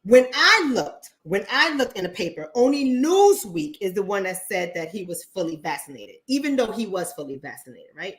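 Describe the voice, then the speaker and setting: A woman's voice: medium pitch, sing-song, normal speed, few pauses. Woman host, casual stream chat, cusses a lot, talks straight at the viewers, says stuff twice. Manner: blunt, profane, addresses viewers directly; repeats points for emphasis. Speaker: online talk show host.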